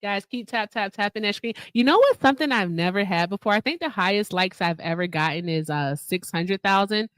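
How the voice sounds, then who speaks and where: A woman's voice: medium pitch, brisk, few pauses, a bit bright, clean tone, dry recording. A woman co-hosting a livestream, chatty and upbeat, laughing often. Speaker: livestream co-host. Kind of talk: casual livestream chat.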